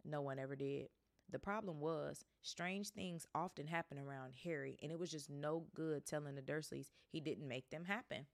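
A woman reads a book aloud for her podcast in a low, gravelly voice. She reads casually and breaks off to chat about what she has read. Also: normal speed. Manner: chatty, breaks off to react. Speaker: podcast host reading aloud.

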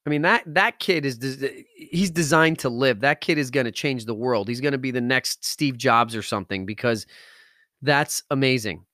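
A man hosts a podcast, recounting a heavy real-life story with emotion in his voice. His delivery is intense and emphatic, pushing hard on key words. The sound is dry and close, with a mid-range pitch. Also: moderate pace, sharp tone, dry recording. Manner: intense, emphatic, rising to outbursts. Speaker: podcast host.

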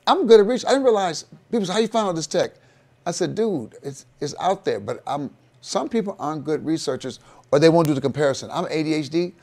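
A middle-aged man co-hosting a casual tech chat show, excitable and rambling, calling his co-host "dude" and "bro.". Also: fairly high pitch, fast talker.

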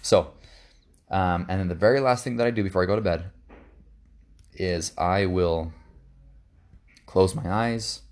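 Young guy podcasting solo, deep raspy fry in his voice, earnest, keeps restarting his sentences. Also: a little mellow. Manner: earnest, repeats and restarts words, trails off often. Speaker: podcast host. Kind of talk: casual reflective monologue.

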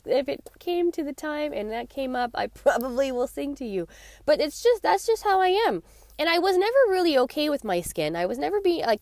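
A woman's voice: on the high side, no room sound, clean studio sound. A young woman talking casually about confidence, chatty, laughing often and acting out little scenes in quoted voices. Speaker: vlogger giving confidence advice. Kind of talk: casual talk to camera.

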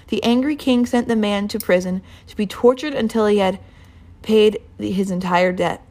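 A woman's voice: medium pitch, normal speed, a little mellow. Earnest, rambling woman preaching. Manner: casual, rambling, earnest, with fillers. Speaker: Bible teacher. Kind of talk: informal sermon.

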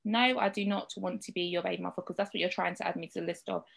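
A woman's voice: on the low side, steady tone, quick pace, creaky, a bit bright. A woman chatting casually on a podcast, frank and blunt, swearing now and then.

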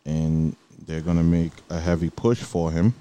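A man's voice: deep voice, steady tone, normal speed, dark tone, smooth. A man co-hosting a casual podcast chat who moves the talk between topics. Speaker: podcast co-host.

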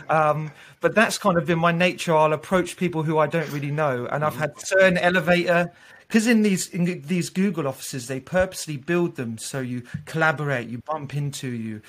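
A man working as a recruiter, casually telling funny stories in an interview, animated and laughing, with frequent restarts. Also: on the high side, a little fast.

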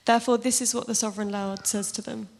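Husky-voiced woman reading scripture. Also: on the high side, fast talker. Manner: informal and self-deprecating, steady even reading. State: slightly husky from screaming. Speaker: church speaker.

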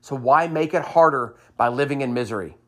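A man's voice: medium pitch, a little fast. A man hosting a motivational podcast, cheering listeners on with repeated upbeat lines and a personal story. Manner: enthusiastic, sing-song cheerleading repetition.

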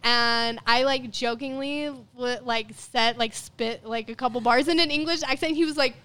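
A woman's voice: fairly high pitch, fairly even intonation, moderate pace, pushed and bright, clean tone. A young woman singer, a guest on a podcast, chatting casually, laughing and trailing off with unsure hedges. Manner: giggly, hedging, trails off often. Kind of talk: casual chat.

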